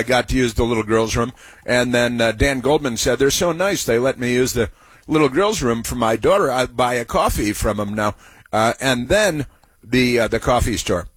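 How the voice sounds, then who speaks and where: A man's voice: medium pitch, slightly rough, no room sound. A man hosting political talk radio, rambling and sarcastic, with many filler sounds. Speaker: talk show host.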